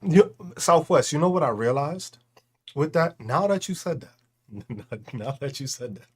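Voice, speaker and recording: A man ranting casually on a livestream, profane and laughing, swinging between loud outbursts and slow, low talk. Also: lively intonation, breathy edge. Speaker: livestream host.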